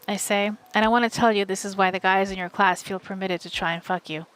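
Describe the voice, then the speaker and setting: A woman streamer reading a novel aloud live from home, in steady, wry first-person narration. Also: mid-range voice, brisk, few pauses, smooth.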